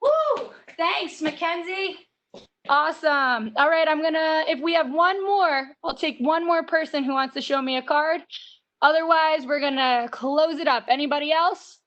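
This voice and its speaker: An American woman with a high, lively voice leads a children's exercise class over a video call. She counts each rep out loud and keeps the kids going with encouragement. The sound comes through a home video call connection. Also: normal speed, lo-fi sound. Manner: upbeat, counts reps aloud and cheers kids on. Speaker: camp fitness instructor. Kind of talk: leading a kids' workout over video call.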